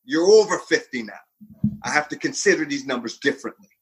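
A man in his fifties, a fitness coach, telling a personal story in a lively, casual way, jumping in pitch for emphasis and laughing often. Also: brisk, slightly rough, rough recording. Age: 50s. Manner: animated, swings pitch widely for emphasis; frequent laughter and profanity.

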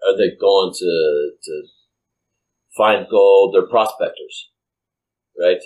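A man's voice: sits low, takes it slowly, darkish tone, low-quality recording. A man, an entrepreneur, in a casual chat, thinking aloud and swearing casually. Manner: reflective, swears casually, many restarts.

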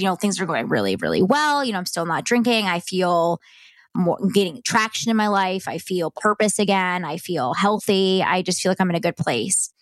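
A middle-aged woman hosts a podcast, sharing a personal story in a candid, heartfelt, conversational manner. Her voice is on the low side, captured in a dry, studio-quality recording.

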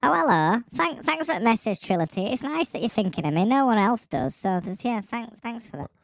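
A man putting on a squeaky, self-pitying high voice that sulks and trails off, with faint music behind. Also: lively intonation, a little fast, gravelly, no echo, full character voice. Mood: sulky.

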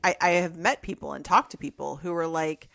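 A woman's voice: low-pitched, brisk, vocal fry, a bit bright. A woman co-hosting a podcast, chatty and loose, often acting out what other people might say. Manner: chatty, acts out quoted voices, laughs often. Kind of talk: casual podcast discussion.

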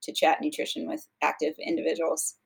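A woman's voice: low voice, completely flat delivery, a little fast, creaky, husky. A woman guest on a podcast, explaining nutrition research in casual chat, with frequent fillers and restarts. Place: podcast studio.

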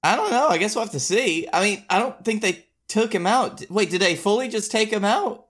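A man's voice: high-pitched, animated, fairly quick, a bit bright. A man co-hosting a comedy podcast, talking in a laid-back, hesitant way during improvised banter.

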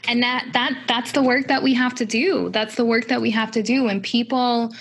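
A woman's voice: fairly high pitch, fairly even intonation, moderate pace, slight background noise. A woman hosts a podcast in an easy, casual way. She talks a lot and affirms her guest often. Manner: talkative and affirming. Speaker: podcast host.

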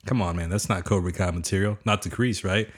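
A man's voice: low voice, fairly even intonation, brisk. A man hosting a podcast in a laid-back, casual way, peppering his sentences with "man" and "you know.". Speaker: podcast host. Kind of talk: casual recap chat.

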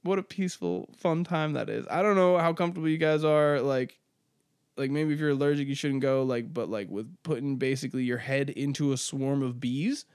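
A man's voice: mid-range voice, a little fast, darkish tone, clean tone, dry recording, studio quality. A man hosting a podcast alone, rambling casually with lots of swearing and laughing at his own jokes. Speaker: podcast host. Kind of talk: casual solo podcast monologue.

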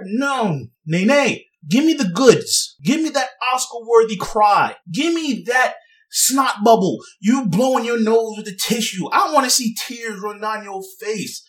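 A man's voice: sits high, animated, normal speed, fairly bright tone, recorded from a distance. A young man giving sarcastic, rambling casual commentary and laughing at his own jokes. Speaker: vlogger.

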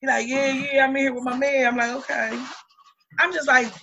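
A woman in her thirties co-hosting a podcast, telling a story in blunt, lively chat with lots of swearing. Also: sits high, a little fast, gravelly, highs cut off, a little hiss or hum. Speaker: podcast co-host. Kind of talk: casual chat.

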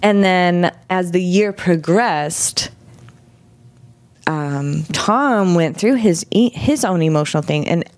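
Slow and on the low side, with no echo, a middle-aged woman recounts a personal story as an interview guest. She's frank and animated, vividly voicing other people's words as quoted dialogue.

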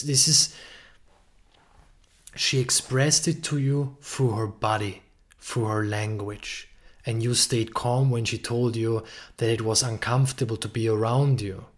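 A man hosting a podcast, giving an earnest relationship-coaching monologue and swearing freely for emphasis. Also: mid-range voice.

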